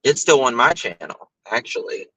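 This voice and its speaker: A man's voice: mid-range voice, sing-song, normal speed, a bit bright, slightly rough, dry recording, poor audio. Chatty man hosting a livestream. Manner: chatty storytelling, thanking viewers by name. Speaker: livestream host. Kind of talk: casual livestream chat.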